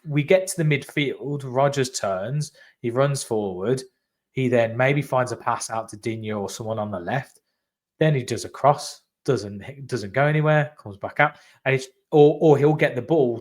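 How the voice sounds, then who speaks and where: Guy hosting a football podcast, talks in long excited run-on bursts over a video call. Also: medium pitch. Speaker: podcast host. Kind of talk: casual football chat.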